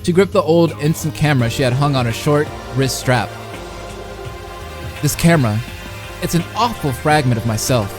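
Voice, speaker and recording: A man's voice: fairly high pitch, expressive, normal speed, pauses often, music in the background. A young man streaming a live reaction, reading a visual novel aloud and chatting playfully with his chat. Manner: playful, chats with his live chat between read passages. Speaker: streamer and commentator.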